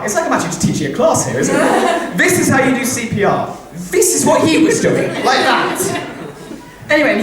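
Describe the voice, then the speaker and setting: A young man compering a stand-up comedy show, telling rambling, self-mocking stories into a handheld mic. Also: very high voice. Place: live comedy show in a campus venue. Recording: echoey room from a distance with audience. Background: audience laughter.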